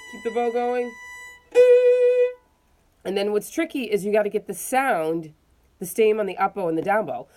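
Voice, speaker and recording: A woman teaching a violin lesson, calmly explaining bowing technique step by step while demonstrating. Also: a little high. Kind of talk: casual instructional explanation.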